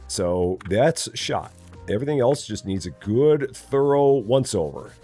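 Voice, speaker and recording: A man streaming a game live, chatting casually and often muttering quietly to himself as he works. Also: medium pitch, expressive, a little slow, breathy edge, soft background music. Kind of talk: casual live gameplay commentary.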